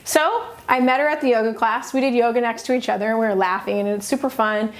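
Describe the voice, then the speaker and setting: A middle-aged woman coaching viewers, telling a personal story in an expressive, animated way with direct questions to them. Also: on the high side, fast. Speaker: life coach vlogger.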